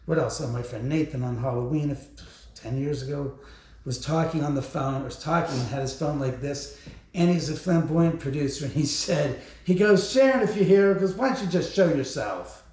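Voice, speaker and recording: A man's voice: mid-range voice, moderate pace, darkish tone. A man giving a haunted house tour, telling stories casually in a rambling, profane way with chuckles between them, inside a bedroom of a large house. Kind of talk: casual storytelling. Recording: very echoey room.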